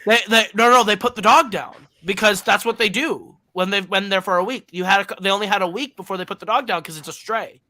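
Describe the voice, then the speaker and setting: A man's voice: sits high, brisk, few pauses, sharp tone, slight background noise. A man co-hosting a film podcast, retelling a movie's plot in a rambling way, correcting himself often and using lots of fillers. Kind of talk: casual plot recap and review.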